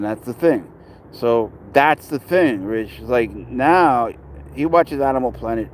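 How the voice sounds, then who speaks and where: A man's voice: mid-range voice, slight background noise. A middle-aged man, rambling in casual chat while talking with people and viewers outdoors. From New York. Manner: rambling, chatty, talks to passers-by and chat. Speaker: pet owner vlogger. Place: outdoors at a city dog park.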